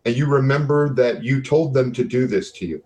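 A man's voice: medium pitch, normal speed, a little mellow, poor audio. Male game master narrating.

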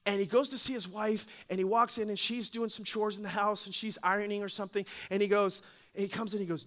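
A man's voice: high voice, fast talker. A man preaching a sermon as pastor, telling stories with playful asides and acting out the lines of the people in them. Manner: animated storytelling, acts out quotes, playful asides.

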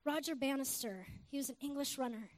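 A woman preacher giving an exuberant sermon to a congregation, shouting praise between points. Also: sits high, brisk. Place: church before a congregation.

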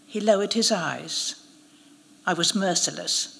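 A woman narrating a literary short story in the first person, in a quiet, measured way, at a live reading. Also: medium pitch, expressive. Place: live event venue. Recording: long reverb of a live event hall.

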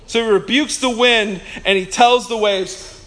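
Animated high-voiced male pastor preaching. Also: a little slow. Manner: animated storytelling, acts out voices of Jesus and fish; casual, conversational with restarts. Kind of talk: sermon.

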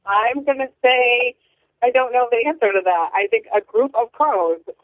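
A woman's voice: fairly high pitch, normal speed, no echo. A woman calling in to a radio quiz over the phone, hesitant and dryly sarcastic. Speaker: caller. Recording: dull phone line.

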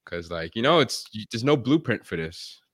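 Man, podcast guest, casual chat, lively swinging pitch, dry close sound. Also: moderate pace, husky, no room sound. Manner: animated storyteller, acts out quoted voices.

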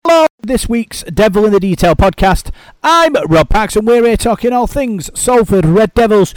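A man's voice: high voice, lively intonation, moderate pace, faint music behind. Chatty man, rambling host. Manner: rambling, frequent restarts and repeated words. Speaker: podcast host. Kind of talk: casual chat.

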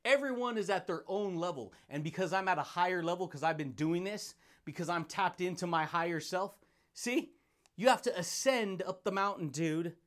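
A man's voice: sits high, normal speed, fairly bright tone. A man hosting a podcast, giving a hyped motivational monologue full of slang, repeated catchphrases and frequent laughs. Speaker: podcast host.

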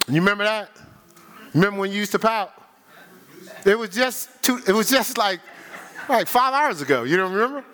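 An older man preaching a sermon as pastor, playful and lively, laughing with his congregation and acting out the voices of the people he quotes. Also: high-pitched, moderate pace, pauses often. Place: church sanctuary.

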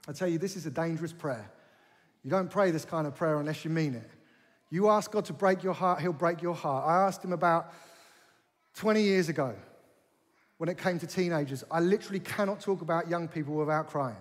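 Male preacher, high register, passionate and repetitive. Long hall reverb. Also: a little fast. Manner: impassioned, rising to forceful rhetorical questions; repeats phrases for emphasis. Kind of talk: sermon.

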